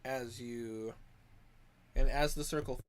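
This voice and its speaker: A man's voice: medium pitch, fairly even intonation, takes it slowly, slight background noise. A man narrating as dungeon master in a voice-chat tabletop game, with congested sinuses, stumbling and restarting his lines. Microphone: headset or desk mic on voice chat.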